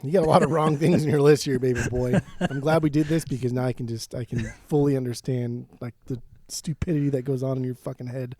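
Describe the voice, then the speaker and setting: A young man co-hosting a casual podcast, animated and profane, teasing his friend. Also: mid-range voice, fast, hardly any pauses. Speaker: podcast co-host. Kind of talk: casual chat.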